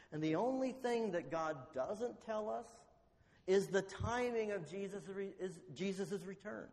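A man preaching a sermon, telling a story and asking rhetorical questions, slowing down to stress key words. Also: high-pitched. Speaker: pastor. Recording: long hall reverb.

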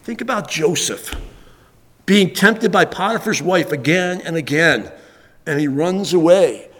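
Man pastor, high voice, emphatic repetitive sermon delivery, long hall reverb. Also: lively intonation, measured pace, fairly bright tone. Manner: emphatic, repetitive preaching with fillers.

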